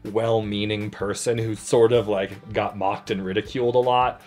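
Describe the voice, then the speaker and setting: A man's voice: on the low side, flat delivery, moderate pace, darkish tone, faint music behind. A man co-hosting a casual tabletop gaming chat, talking in a loose, rambling way and reading out listener stories. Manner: rambling, full of "like" and restarts.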